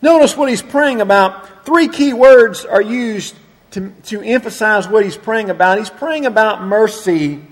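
A man with a high voice preaches earnestly, slowing down to stress key words. His sermon rings through a large church hall with a long reverb. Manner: earnest preaching, slows for emphasis. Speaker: pastor.

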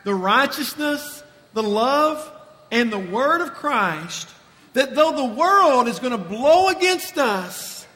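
A man preaching a sermon to his congregation, with slow, emphatic, drawn-out phrasing. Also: very high-pitched, very animated, sharp tone. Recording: long hall reverb.

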